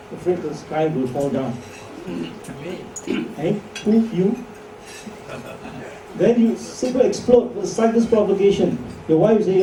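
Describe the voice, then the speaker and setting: A man's voice: a little high, moderate pace, long pauses, mellow. A man giving a chatty medical lecture to doctors, joking and asking rhetorical questions. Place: lecture hall. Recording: echoey hall from far off, faint noise.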